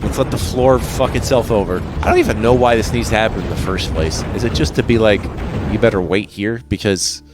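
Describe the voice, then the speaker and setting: A gaming channel host with a fairly low voice gives brisk, casual let's-play commentary into a desk microphone. He rambles, jokes, swears now and then, and breaks into silly sing-song, with loud game music and background noise behind him.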